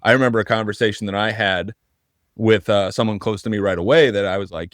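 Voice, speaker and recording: A man's voice: fairly low pitch, fairly even intonation, quick pace, a bit bright, no echo, studio quality. A man co-hosting a podcast in casual conversation, earnest and thinking aloud with frequent restarts. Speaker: podcast co-host.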